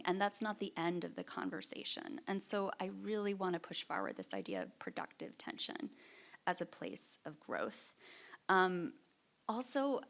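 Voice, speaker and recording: A woman's voice: fairly low pitch, creaky. A middle-aged woman curator giving a reflective conference keynote, earnest and thoughtful, with frequent ums and small restarts. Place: lecture stage at an art fair.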